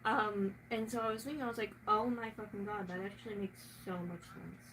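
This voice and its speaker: Chatting casually in a Southern US accent, a woman rambles from thought to thought and swears often. Her medium-pitched voice runs a little fast, picked up from a bit away from the mic over constant noise in the room.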